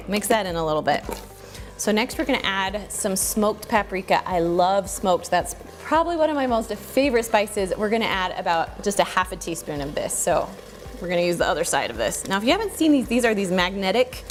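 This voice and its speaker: Chatty woman hosting a cooking tutorial. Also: medium pitch. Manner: chatty and relaxed, thinks aloud while cooking. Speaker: cooking channel host. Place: home kitchen.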